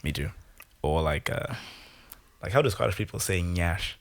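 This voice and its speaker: A man's voice: deep voice, expressive, moderate pace, creaky, a bit bright. A man co-hosting a podcast, chatting casually in a laid-back, joking way, full of slang. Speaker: podcast co-host. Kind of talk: casual chat. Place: shared room in Berlin.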